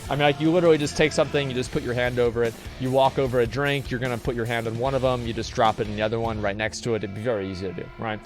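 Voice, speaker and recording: A man streaming live, chatting casually and rambling through a profane, animated story while reading donations. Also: mid-range voice, rapid-fire, few pauses. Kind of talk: casual livestream chat. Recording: faint music behind voice.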